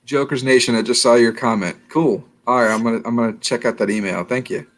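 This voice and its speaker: A chatty man from New Orleans talks as a guest in a relaxed interview. His voice sits at an ordinary middle pitch. He laughs often and trips over repeated words. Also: quick pace. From New Orleans, USA. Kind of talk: casual interview chat.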